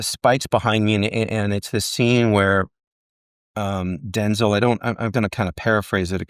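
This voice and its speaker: A man's voice: deep voice, no room sound, studio quality. A middle-aged man, an actor, telling stories from his career in a casual interview and acting out the people he quotes. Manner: animated storyteller, acts out quotes. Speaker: actor guest.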